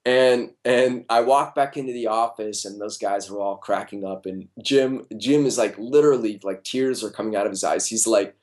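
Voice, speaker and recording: Male interviewee, lower register, loose and animated raconteur, lots of fillers and profanity. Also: normal speed, hardly any pauses. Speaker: comic book artist interviewee. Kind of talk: casual anecdote in an interview.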